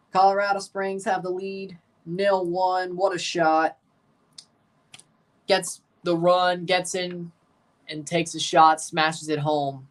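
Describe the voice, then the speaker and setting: Man calling soccer from far off. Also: high-pitched. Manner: excitable play-by-play mixed with chatty replies to viewers. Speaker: livestream host reacting to a soccer match. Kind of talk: casual watchalong commentary.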